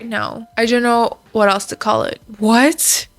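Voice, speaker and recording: A woman's voice: fairly high pitch, steady tone, fairly bright tone, dry recording, faint music behind. A woman hosting a reaction video, reading stories aloud and commenting in a chatty, emphatic way to her viewers. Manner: chatty and emphatic, quick laughs, talking to viewers.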